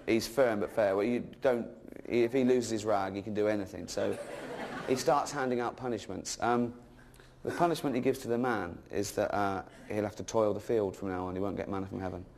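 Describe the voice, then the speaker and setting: A middle-aged man doing a stand-up routine, sardonic and sweary, swinging into loud bits. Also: lowish voice, fairly even intonation, fairly quick, vocal fry. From England. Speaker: stand-up comedian.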